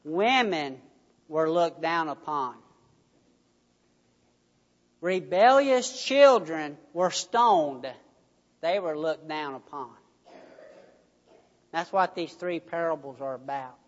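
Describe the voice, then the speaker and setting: A preacher delivering a sermon, telling a story slowly with emphatic stresses, in a church hall. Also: medium pitch. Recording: dull recording, long hall reverb.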